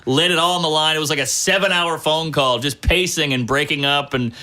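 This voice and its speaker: A man with a somewhat high, bright voice, spinning animated, self-deprecating stories. He talks casually, swears freely and jumps in pitch when he acts out other people's lines. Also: a little fast. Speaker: guest comedian. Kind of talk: casual storytelling chat.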